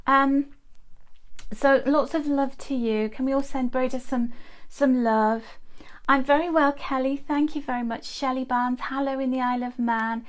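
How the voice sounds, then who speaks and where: A middle-aged woman with a slightly high voice hosts a live stream and greets her viewers one by one. She talks in a chatty, effusive way and sometimes stumbles over her words. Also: fairly even intonation, moderate pace. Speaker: host of a live tea leaf reading stream.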